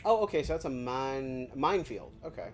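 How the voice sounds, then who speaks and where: A woman's voice: rumbling low, very animated, a little fast, faint music behind. A woman from Virginia streaming a video game, talking through it casually and joking at her own expense as she thinks aloud. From Virginia, USA. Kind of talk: casual gameplay commentary.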